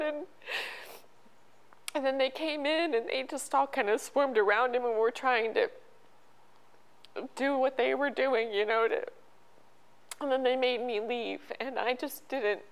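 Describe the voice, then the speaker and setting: A middle-aged woman telling a personal story as an interview guest, halting and emotional, with many restarts. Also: high-pitched, steady tone, clear, resonant tone, rough recording. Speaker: podcast guest.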